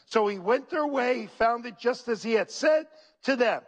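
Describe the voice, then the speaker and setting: Here a male pastor preaches in an extremely high pitch at a moderate speed. Animated and preacherly, he calls out to his congregation and reads passages of scripture aloud.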